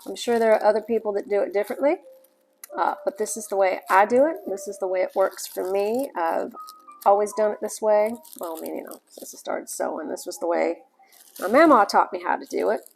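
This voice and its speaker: A sewing hobbyist with a Southern US accent chats her way through a step-by-step sewing tutorial in a folksy manner. Her medium-pitched voice is creaky and a little fast.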